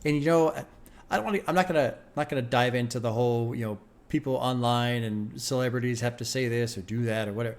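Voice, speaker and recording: A man's voice: medium pitch, fast. Casual, swearing male reaction host. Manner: emphatic and profane, thinking aloud.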